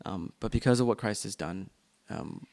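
A man's voice: fairly low pitch, moderate pace, creaky, a little mellow. A man leading a church class discussion in a loose, unscripted way, with frequent ums and restarts.

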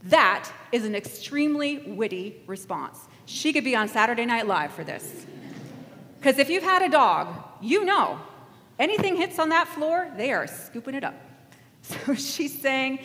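Woman preacher, lively and high-pitched, acts out voices, gets the crowd to answer back, echoey hall. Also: moderate pace. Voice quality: animated, acts out voices, leads audience call-and-response. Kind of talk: interactive sermon. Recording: echoey hall with faint ambience.

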